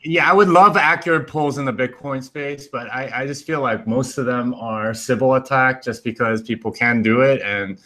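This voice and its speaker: Man, bright tense voice, casual livestream panel, hesitant, fillers, remote call. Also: mid-range voice, fairly even intonation, moderate pace, hardly any pauses. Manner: hesitant, many fillers, thinks aloud.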